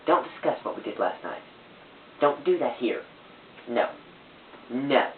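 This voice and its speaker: A first-time vlogger, a woman with an extremely low-pitched voice, chatters unhurriedly to a webcam propped on a glass on a fan in her messy bedroom. Distracted, she jumps between random thoughts and swears a lot. The sound is tinny and phone-like, with steady hiss and an echoey room.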